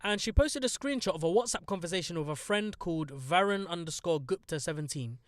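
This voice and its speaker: A young man chats bluntly on a podcast, swearing and turning sarcastic. His voice sits high and the close mic sounds dry, with no room around it. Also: lively intonation, fairly quick, dry recording. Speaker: podcast host. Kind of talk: casual podcast chat.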